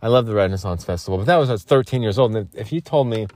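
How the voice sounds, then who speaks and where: Low-voiced rambling young man. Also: animated, very fast, a little mellow. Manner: rambling, jokey, swearing. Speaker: podcast host. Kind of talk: casual solo podcast chat. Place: vocal booth.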